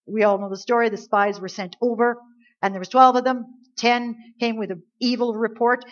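A woman's voice: medium pitch, dull audio. A woman preaching a sermon in a conversational way, acting out pleading and complaining voices as she tells the story. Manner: conversational preaching, rising into acted pleas and complaints.

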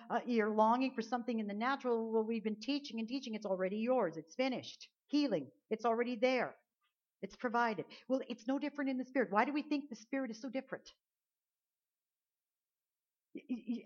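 A woman pastor preaching a sermon at a church service, earnest and conversational, often repeating words as she builds a point. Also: fairly high pitch. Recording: dull lo-fi sound.

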